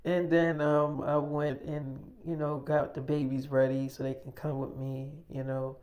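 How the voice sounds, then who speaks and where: A man's voice: fairly high pitch, level tone, a little slow, muffled recording. A man casually narrating an improvised audio story, boastful and full of swearing.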